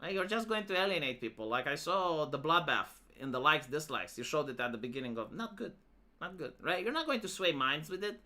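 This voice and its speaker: A woman streamer reacts to videos with casual commentary, ranting and swearing as she talks to her chat. Her voice is low, expressive, and sharp, and she speaks briskly.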